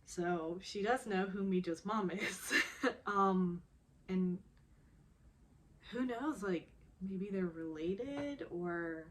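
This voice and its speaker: A woman's voice: mid-range voice, extremely slow. A woman recapping a drama episode in a casual, chatty way, laughing often as she talks.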